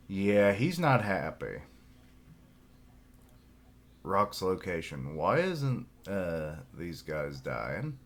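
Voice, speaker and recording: A deep-voiced man in a loose live reaction, musing aloud as he works through the pages. He takes his time and reads the characters' lines in an even, flat way, breaking into frequent laughs. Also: slow. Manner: thinks aloud, laughs often, reads dialogue aloud flatly. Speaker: manga reaction streamer. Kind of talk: casual live reaction, reading panels aloud.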